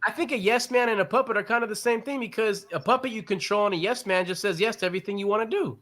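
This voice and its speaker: A man's voice: sits high, racing, pushed and bright. A young man co-hosting a podcast, chatting casually in political banter, laid-back and laughing along, full of "bro" and "like". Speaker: podcast co-host.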